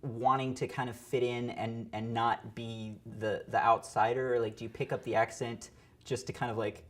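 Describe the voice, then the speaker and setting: A man hosting an interview, relaxed and casual, with many fillers and quick bursts of speech, recorded in a theater. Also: medium pitch. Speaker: interview host. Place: theater stage.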